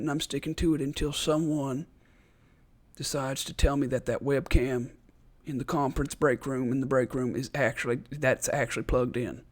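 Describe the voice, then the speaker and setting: A man's voice: medium pitch, close to an everyday voice. A man playing a sheepish snack eater, mock-formal denial, stiff press-statement tone.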